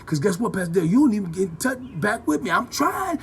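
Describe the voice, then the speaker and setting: A man filming a profane, confrontational vlog rant, talking loudly with a swaggering, repetitive delivery. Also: high voice, big pitch swings, fast talker, slight background noise. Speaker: vlogger.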